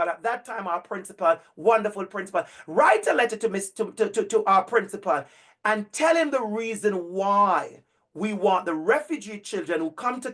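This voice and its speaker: A middle-aged male educator telling a story to an online audience over a video call, animated and emphatic, repeating phrases for effect. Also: high-pitched. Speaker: educator and speaker.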